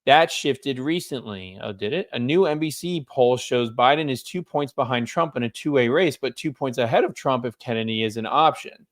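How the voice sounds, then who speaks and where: A man casually commenting on political news, reading articles aloud in quick bursts and then stopping for drowsy, low-key asides. His pitch sits in the middle of the usual male range, and he yawns from time to time.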